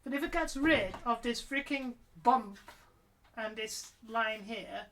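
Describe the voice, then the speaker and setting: Bright-voiced chatty woman streamer. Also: on the high side, slow pace, a little hiss or hum. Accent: mixed British and American with Mancunian traces. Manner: rambling, chatty, trailing off mid-sentence. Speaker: cosplay streamer. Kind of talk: casual chat while crafting on stream.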